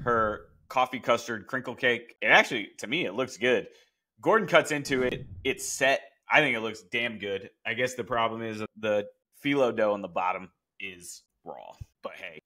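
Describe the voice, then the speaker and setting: A man's voice: lowish voice, bright, forceful tone. A man in his thirties, a podcast host giving a blunt, chatty recap of a cooking competition, swearing casually. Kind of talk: casual commentary.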